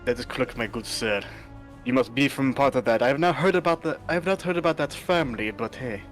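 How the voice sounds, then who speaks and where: A man's voice: mid-range voice, fast talker, soft background music, lightly acted. A man voicing a jovial, easygoing, hard-drinking adventurer in a tabletop game. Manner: jovial, relaxed.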